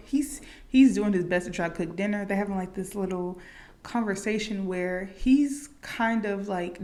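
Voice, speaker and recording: Woman, fry in the voice, mid pitch, chatty film recap, loose and conversational. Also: a little mellow. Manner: chatty, fillers like "like" and "you know". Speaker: movie reaction youtuber. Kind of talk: casual movie recap.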